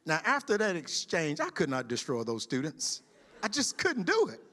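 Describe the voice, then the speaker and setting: A middle-aged man, a sheriff telling stories from his career as testimony in a church, acting out shouted lines. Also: fairly high pitch, huge pitch swings, normal speed, long reverb tail. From Mississippi. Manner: storytelling, dramatic shouted quotes. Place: church sanctuary.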